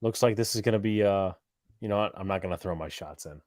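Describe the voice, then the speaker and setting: Low-voiced man calling plays. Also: fast talker, no room sound, studio quality. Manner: excited play calls, joking banter. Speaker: play-by-play commentator. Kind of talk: fan livestream sports commentary.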